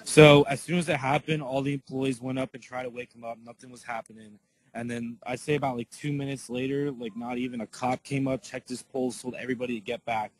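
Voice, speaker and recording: A man giving a casual spoken eyewitness account to his viewers, answering questions in a halting way full of "like" and restarts. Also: medium pitch, fairly even intonation, breathy edge, low-quality recording. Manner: halting, filler-heavy, lots of "like" and restarts.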